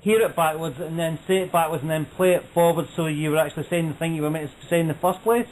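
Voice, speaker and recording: Higher-voiced man, joking co-host. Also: fairly even intonation, a little mellow, low-quality recording. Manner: joking, quick to agree. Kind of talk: casual chat. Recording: faint background noise.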